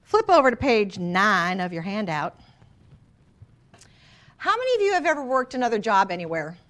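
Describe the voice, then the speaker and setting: A woman's voice: medium pitch, big pitch swings, normal speed, a bit bright. A woman real estate trainer leading a workshop for a live class, teasing her students with playful asides. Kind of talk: workshop presentation. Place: training room with a live audience.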